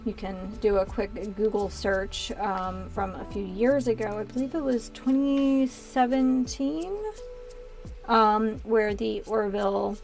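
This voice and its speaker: A woman in her thirties talks casually while she builds a Lego set on stream, drifting from one aside to the next. She speaks at a middling pitch for a woman. Faint music sits under her voice from a small closet studio. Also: fairly even intonation, measured pace, vocal fry, darkish tone. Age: 30s. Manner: chatty, rambling with many asides. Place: small converted walk-in closet.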